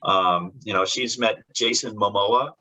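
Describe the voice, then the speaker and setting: A comic book artist, appearing as a guest in a casual interview, speaks in a lowish, unhurried voice that sounds pushed and bright. His stories ramble with many restarts and laughs, and he briefly acts out the voices of people in them. The recording is low quality, with slight background noise.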